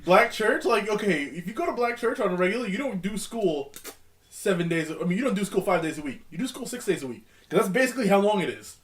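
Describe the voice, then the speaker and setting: A young man co-hosting a podcast, talking in animated, slangy, emphatic banter. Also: high voice, quick pace, far from the mic. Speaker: podcast co-host. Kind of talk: casual chat.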